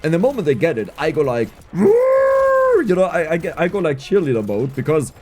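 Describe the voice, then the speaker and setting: A man giving casual gameplay commentary, excitable and laughing often, with a strained, scratchy voice. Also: fairly high pitch, quick pace. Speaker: gaming YouTuber.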